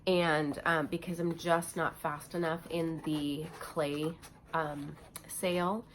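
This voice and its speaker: A woman's voice: low voice, level tone, takes it slowly, a little hiss or hum. A woman craft vlogger chatting casually at home, gushing and chatty with lots of fillers. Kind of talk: casual show-and-tell chat.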